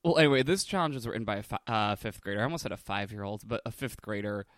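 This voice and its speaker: A man co-hosting a podcast in casual chat, camp and quick with crude jokes. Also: fairly low pitch, a bit bright, no echo, studio quality. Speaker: podcast co-host.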